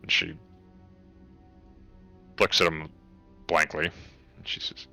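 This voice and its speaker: A man runs a tabletop game in a slow, low voice with a bright, forceful edge. He halts and restarts often as he narrates, with faint music in the background. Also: little pitch movement. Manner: halting, with many fillers and restarts. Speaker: game master.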